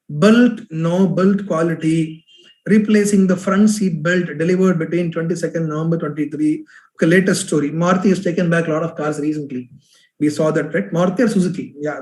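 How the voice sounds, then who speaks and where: A man, a business storytelling trainer giving an online workshop talk, animated and repeating words for emphasis. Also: fairly high pitch. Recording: echoey room.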